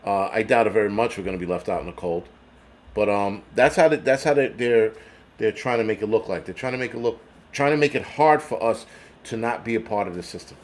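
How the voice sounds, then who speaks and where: A man's voice: lowish voice, fairly quick. A man with a New York accent, hosting a prepper channel, who reads a list aloud and rants over it with angry, profane sarcasm.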